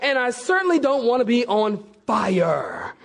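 A man's voice: extremely high pitch, huge pitch swings, unhurried, creaky, voice pushed up, exaggerated voice. A man voicing a puzzled non-believer who is put off by churchy talk. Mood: incredulous. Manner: incredulous, put off.

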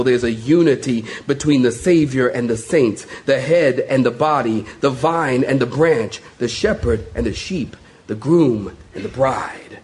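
A man's voice: mid-range voice, a little mellow. A male pastor preaching a sermon, telling stories with animation, laughter and acted-out voices.

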